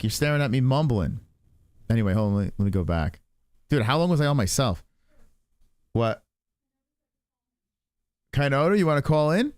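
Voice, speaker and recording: Lively-voiced profane stream host, forties. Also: male voice, medium pitch, no echo. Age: 40s. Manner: rambling, profane, heartfelt. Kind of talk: casual live-stream chat.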